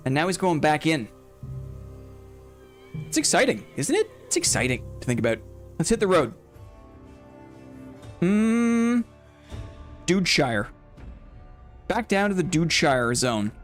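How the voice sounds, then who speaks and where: Male streamer, bouncy, playful chatter over faint game music. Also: on the high side. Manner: chatty, playful, reads chat aloud. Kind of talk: casual live-stream commentary.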